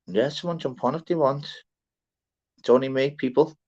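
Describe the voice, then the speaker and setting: A man's voice: mid-range voice, normal speed, a little mellow. A young Scouse man hosting a casual livestream, chatty and sweary, greeting viewers by name. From Liverpool, England. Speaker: livestream panel host. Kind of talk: casual live chat. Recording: dull lo-fi stream audio.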